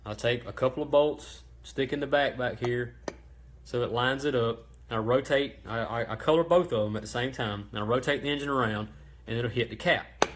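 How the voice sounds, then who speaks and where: A man's voice: mid-range voice, moderate pace, a little hiss or hum. Chatty man hosting a parts livestream. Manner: relaxed and chatty, with many ums and restarts. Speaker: host of a racing parts livestream. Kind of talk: casual how-to livestream.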